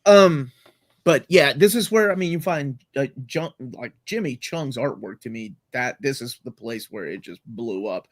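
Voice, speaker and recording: A man's voice: medium pitch, expressive, a little slow, dry recording. A man hosting a casual video-call podcast, talking enthusiastically and rambling with lots of fillers. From Latin America. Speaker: podcast host. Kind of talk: casual comic-book chat.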